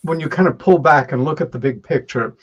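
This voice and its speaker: A man hosting an interview show, asking reflective questions in a measured manner. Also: a little high, slightly rough. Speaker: host.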